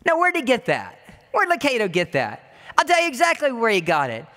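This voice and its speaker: A woman's voice: on the high side, wildly swooping pitch, fairly quick, a bit bright. A woman preaching a sermon in a conversational way, repeating words for emphasis and asking the listeners rhetorical questions. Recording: long hall reverb.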